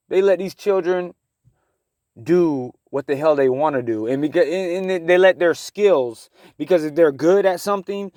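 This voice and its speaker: A man's voice: a little high, no echo. A man in his thirties giving a heated, rambling personal monologue as a talk show host, with many restarts. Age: 30s. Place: living in his car in the woods.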